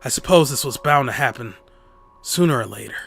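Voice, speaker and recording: A man voicing a flustered, nervous male lab chief who stammers and hesitates, in a voice lower than his own. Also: animated, fairly quick, creaky, fairly bright tone, slightly rough, exaggerated voice. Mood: nervous hesitant.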